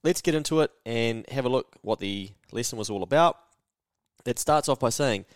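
A man's voice: mid-range voice, lively intonation, normal speed, dry recording, studio quality. A man with a New Zealand accent hosting a podcast lesson in a casual, chatty, slangy and emphatic way. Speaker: podcast host.

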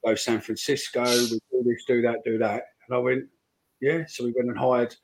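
A man's voice: mid-range voice, flat delivery, normal speed. A man co-hosting a live football podcast, chatting casually and telling rambling stories. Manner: rambling storyteller, chuckles often. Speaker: podcast co-host. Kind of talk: casual chat.

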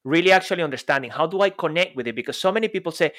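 An energetic man talking through ideas on a casual podcast. His voice sits fairly high and he sounds eager and playful, jumping between earnest points and jokes. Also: quick pace, few pauses. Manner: enthusiastic, playful, bursts into song. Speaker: podcast co-host.

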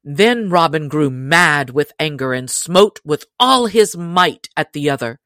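A woman narrating an old adventure tale in a measured, expressive reading. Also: low-pitched, no echo, clean studio sound. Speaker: audiobook narrator. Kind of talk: storybook reading.

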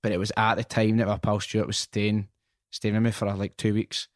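Swearing Scottish man, lowish voice. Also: little pitch movement, normal speed, no room sound, clean studio sound. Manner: swears freely, tells stories. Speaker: podcast host. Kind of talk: casual chat.

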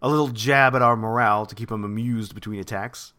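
A man reading aloud the lines of a gruff older rebel general from a novel. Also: mid-range voice, steady tone, fast, pushed and bright, close to an everyday voice. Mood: grim. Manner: plain read-aloud from a novel.

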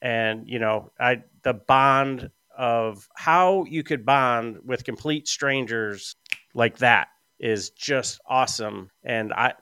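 A man's voice: mid-range voice, takes it slowly, sharp tone, clean tone, dry recording. A middle-aged man chatting casually on a podcast, telling long stories with lots of fillers and restarts. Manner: rambling storyteller with frequent fillers. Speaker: podcast guest. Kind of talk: casual chat.

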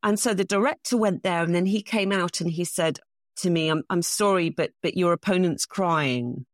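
English woman telling lively bridge anecdotes. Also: fairly low pitch, moderate pace, dry recording, clean studio sound. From England. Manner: anecdotal, self-deprecating, animated storytelling. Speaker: bridge champion guest. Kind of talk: casual interview.

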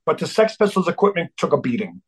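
A middle-aged man telling a story as a guest, with a fairly high voice for a man. He swears freely and drops into the voices of the people he quotes. The delivery is animated. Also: fast, breathy edge, low-quality recording. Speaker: guest, band drummer.

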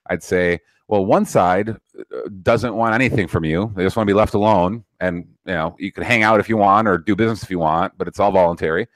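A man's voice: fairly low pitch, no room sound. A man hosting a podcast, talking in a blunt, profane, ranting way during casual political chat. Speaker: podcast host.

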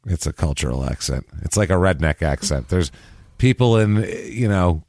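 Low-voiced joking man, dry mic. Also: lively intonation, normal speed, a little mellow, no echo. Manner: joking, crude, does goofy impressions. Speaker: podcast co-host. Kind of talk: casual chat recapping a film.

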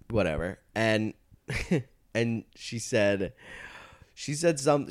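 A man's voice: fairly low pitch, clear, resonant tone. A man, a comedian, telling stories in a casual podcast chat, acting out quotes and swearing freely. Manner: animated storyteller, acts out quotes, swears freely. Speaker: comedian guest.

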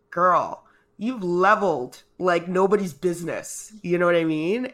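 Lady podcast host, kinda low voice, slow and heartfelt, choked up and rambly. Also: a bit bright. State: emotional, close to tears. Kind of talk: casual chat.

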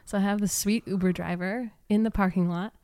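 A woman guest on a podcast, telling a story in a casual, rambling way with many "likes" and "ums" and soft laughs. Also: mid-range voice, steady tone, brisk, clean tone. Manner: rambling, heavy use of "like" and "um". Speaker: podcast guest, yoga teacher.

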